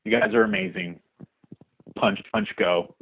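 A young man leaving a voicemail for a podcast, telling a story in an animated way. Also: fairly low pitch, measured pace, slightly rough. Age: young adult. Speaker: caller. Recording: tinny phone line.

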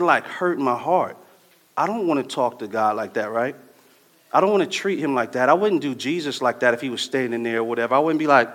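Animated preacher man in a reverberant hall. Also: on the high side. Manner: conversational, animated storytelling with slang. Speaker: pastor. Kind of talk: sermon.

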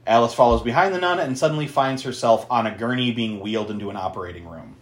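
A man co-hosting a podcast, recapping a horror movie in a casual, animated way and laughing often. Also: fast talker, echoey room. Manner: animated, laughing, swearing recap with big pitch jumps. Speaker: podcast co-host.

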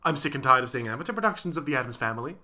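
Man, podcast co-host, casual chat, animated and joking, very bright tone, swooping pitch. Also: racing. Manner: animated, joking, laughs often.

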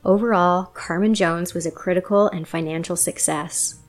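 Female narrator, lower register, measured documentary read over faint music. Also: steady tone. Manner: measured storytelling, quoting sources.

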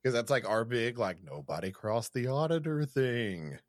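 Here a man with a mid-range voice and lively intonation talks at a moderate pace as a podcast co-host. His casual chat is laid-back and agreeable. The audio is studio quality, with no room sound.

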